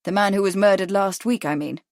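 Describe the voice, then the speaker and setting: A woman voicing a polite, inquisitive gentleman investigator in an audiobook, speaking in a courteous, measured way. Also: high voice, dry recording, clean studio sound. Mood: somber.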